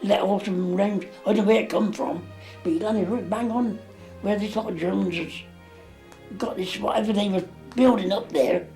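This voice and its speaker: A man's voice: high voice, fairly even intonation, moderate pace, creaky, mellow, soft background music. Elderly man reminiscing. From England. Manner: rambling, dialect grammar, many fillers. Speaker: war veteran interviewee. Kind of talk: recounting memories in an interview.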